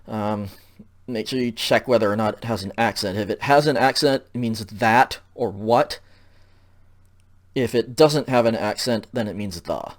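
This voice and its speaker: With a fairly low pitch, this male teacher talks through slides in a recorded lecture. His manner is patient and explanatory, marked by regular check-ins and um-filled pauses.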